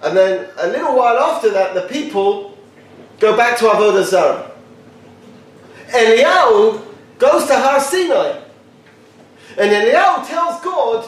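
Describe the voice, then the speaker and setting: A man giving a lively Torah talk to a live group, joking and quizzing his listeners by name. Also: very high-pitched, a little slow, pauses often, recorded from a distance. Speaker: Torah teacher. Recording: echoey room picked up from afar.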